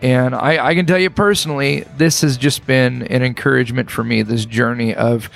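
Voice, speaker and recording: A man in his thirties hosting a podcast, talking to listeners in an earnest, encouraging monologue with halting restarts, a little choked up. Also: medium pitch, fairly even intonation, vocal fry, faint music behind. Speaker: podcast host. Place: hotel room.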